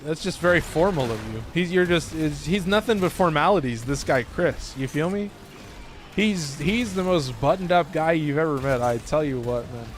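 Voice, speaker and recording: A man's voice: on the high side, expressive, moderate pace, slight background noise. Laughing, rambling male game streamer. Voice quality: rambling, joking, laughs often. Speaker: gaming streamer. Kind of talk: casual live-stream chat.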